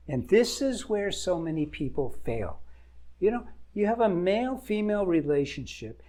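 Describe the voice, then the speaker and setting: Marriage coach, older male, unhurried delivery, emphatic advice to camera. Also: a little high, mellow. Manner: earnest, emphatic lists.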